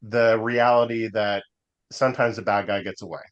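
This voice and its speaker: A man co-hosting a podcast in casual chat, hesitant with many fillers, slowing down when he turns reflective. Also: lowish voice, fairly even intonation, clear, resonant tone, lo-fi sound. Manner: hesitant, many ums and uhs, drifts into slow reflective stretches. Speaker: podcast co-host.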